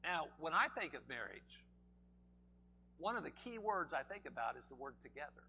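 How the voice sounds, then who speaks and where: A man's voice: on the high side, sing-song, normal speed, pushed and bright, a little hiss or hum. A man preaching a sermon in a church, emphatic and full of questions to the congregation. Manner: emphatic, asks the audience many questions.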